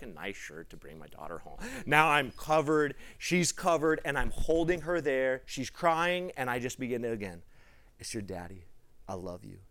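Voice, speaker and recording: A young man preaching a sermon through a personal story, animated, acting out the people in it and dropping to a hush at tender moments. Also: medium pitch. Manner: animated, acts out the people in his stories; laughs between lines, drops to a hushed tone for tender moments.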